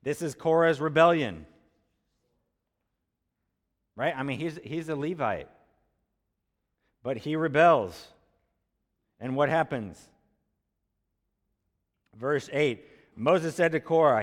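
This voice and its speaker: A man with a somewhat high voice preaches an expository sermon, speaking a little slowly and pausing often. He reads scripture aloud and talks conversationally, posing rhetorical questions and then answering them, with long hall reverb on the recording.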